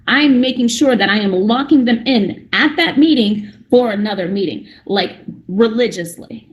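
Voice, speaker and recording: A young adult woman speaking at a real estate breakout session, chatty and full of restarts, acting out little conversations as she goes. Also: fairly high pitch. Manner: chatty, fillers and restarts, acts out dialogue. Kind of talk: animated conference talk.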